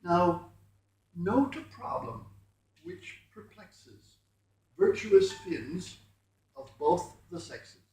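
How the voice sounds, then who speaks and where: A man's voice: sits high, huge pitch swings, extremely slow, pauses often, a little mellow. A man reading his friend's rhyming poems at a poetry night, with chatty, modest asides between them. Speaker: poetry reader. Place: room at a poetry night event. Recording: very echoey room, mic far off.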